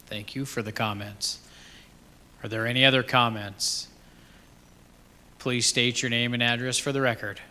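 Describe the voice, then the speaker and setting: Bright-voiced man chairing a meeting. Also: mid-range voice, fairly even intonation, measured pace, long pauses, big-room sound. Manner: brief, formal and routine.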